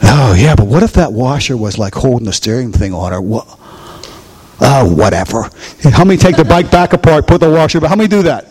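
A man preaching a chatty, conversational sermon as pastor in a church, swinging into high voices for quotes and asides. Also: quick pace. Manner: animated, chatty, jumps to high voice for quotes and jokes. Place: church sanctuary.

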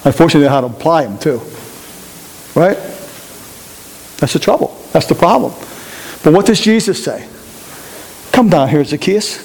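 A man with a notably high voice leads a Bible study. He preaches in an animated way, tossing questions to the group and repeating his points. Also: a little fast, creaky, pauses often, a little hiss or hum. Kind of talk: interactive sermon.

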